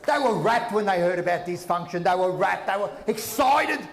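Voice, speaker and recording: A man doing brash stand-up comedy at a live function, teasing the crowd with loud outbursts. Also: sits high, lively intonation, moderate pace, background noise. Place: function room with a live audience. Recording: echoey room with audience.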